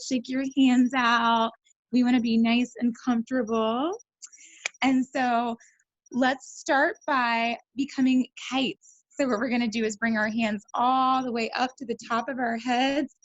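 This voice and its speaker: A woman's voice: on the high side, no echo. A woman leading a kids yoga class over a video call, upbeat and encouraging, laughing often. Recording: dull lo-fi video call audio.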